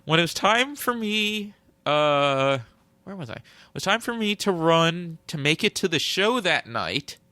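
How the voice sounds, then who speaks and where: A man's voice: fairly high pitch, big pitch swings, measured pace, bright, forceful tone, no room sound. A man co-hosting a podcast, reading a story aloud in a mock-solemn tone and chatting casually. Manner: reads aloud with mock solemnity, breaks into laughter. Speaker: podcast co-host. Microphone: close studio mic.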